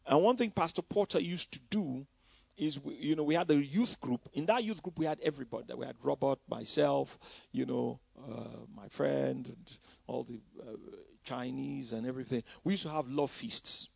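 A man's voice: medium pitch, moderate pace, gravelly, a little mellow, husky, no room sound. A man from Nigeria, preaching a personal testimony in a loose, conversational way with many "you know" asides. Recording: dull, dry lo-fi recording.

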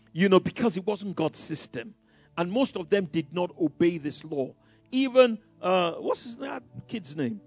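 Male preacher, exuberant and halting, with a high, gravelly voice. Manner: exuberant, rallying the congregation, bursts of emphasis; halting, with many fillers and restarts. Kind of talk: sermon.

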